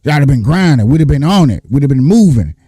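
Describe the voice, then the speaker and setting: A man's voice: mid-range voice, big pitch swings, fast talker, warm tone, breathy edge, dry recording, soft background music. A man talking in a profane, emphatic casual monologue, repeating his points in heavy slang. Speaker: streamer and political commentator.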